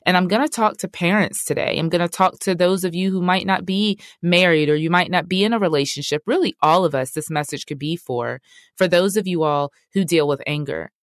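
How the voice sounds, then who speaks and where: Middle-aged lady hosting a faith podcast, low-ish voice, dry sound, real candid, talks right to you. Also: brisk, no echo. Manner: candid, conversational, addresses listeners directly. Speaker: podcast host. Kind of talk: personal faith talk.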